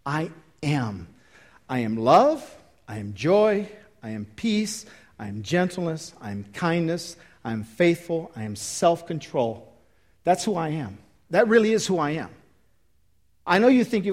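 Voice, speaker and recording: Man in his fifties, pastor, emphatic sermon, slightly high voice, loud then hushed. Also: very animated, a little slow. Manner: emphatic, swings from loud exhortation to quiet pleading. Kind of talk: sermon with altar call.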